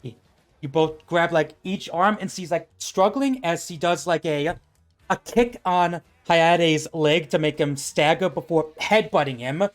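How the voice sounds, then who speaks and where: Male game master, rambling, filler-laden fight narration, high-ish voice. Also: unhurried, soft background music. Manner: rambling, filler-heavy narration with bursts of laughter.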